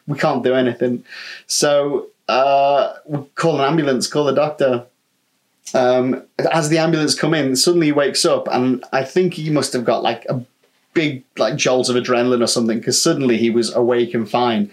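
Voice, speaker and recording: A man's voice: medium pitch, steady tone, normal speed. A man, a podcast co-host telling a casual anecdote from his time as a holiday rep, acting out quotes and swearing freely. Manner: chatty, swearing, acts out quotes. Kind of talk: casual storytelling chat.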